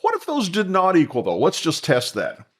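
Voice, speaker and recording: A man teaching a coding lesson over a screen recording, calmly dictating each line of code step by step. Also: fairly high pitch, normal speed. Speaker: instructor.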